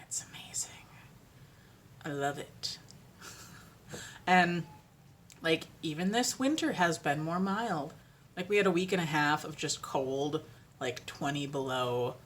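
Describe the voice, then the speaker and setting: A woman's voice: sits low, lively intonation, unhurried, long pauses, slight background noise. A woman vlogging from home in a casual, rambling chat, with lots of "like" and laughter. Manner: chatty and rambling, with many fillers and laughs. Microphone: ring-lit camera.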